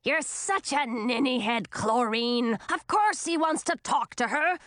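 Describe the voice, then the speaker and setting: A woman voicing a cranky old female witch in a storybook, with a raspy, snappish, scornful voice. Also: fairly high pitch, animated, measured pace, a bit bright, no room sound, studio quality.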